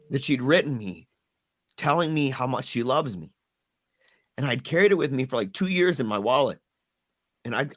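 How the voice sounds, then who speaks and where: A middle-aged man on a podcast tells a painful personal story, earnest and halting, often repeating words. His voice is medium-pitched with a fairly bright tone.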